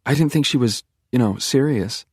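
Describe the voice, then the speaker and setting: A man's voice: medium pitch, normal speed, darkish tone, husky, no echo, studio quality, voice pushed up, natural voice. A man reading aloud, voicing a weary, exasperated young woman who talks through tears in an audiobook. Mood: rueful.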